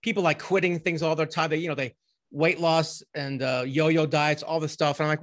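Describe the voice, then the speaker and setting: A middle-aged man talking as a guest on a remote interview, telling long stories in a rambling, animated way with many fillers and restarts. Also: on the high side, a little fast. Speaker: podcast guest, ghostwriting company owner. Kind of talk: casual interview storytelling.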